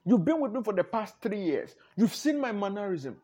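Male pastor, high and husky, emphatic sermon delivery with frequent repetition. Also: big pitch swings, moderate pace, dark tone, dull audio. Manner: emphatic, repeats "no, no", chuckles often.

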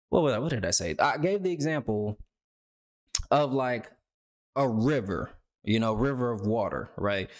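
A man talks loosely into his podcast mic, circling back over his own words and swearing as he goes. His voice sits at an ordinary pitch for a man, and he jumps higher when he acts out other people. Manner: rambling, profane, repeats words, voices imagined people with a raised pitch. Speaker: podcast host. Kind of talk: casual commentary.

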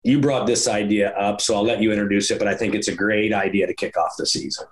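A man's voice: lowish voice, fairly even intonation, fast. A middle-aged man hosting a podcast, talking in a folksy, joking way with fillers. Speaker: podcast host. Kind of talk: casual podcast chat.

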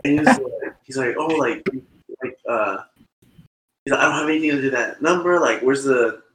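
A man's voice: mid-range voice, moderate pace, a bit bright, reverberant, poor audio. A young man telling a loose, swearing story in casual chat with friends. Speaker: podcast co-host.

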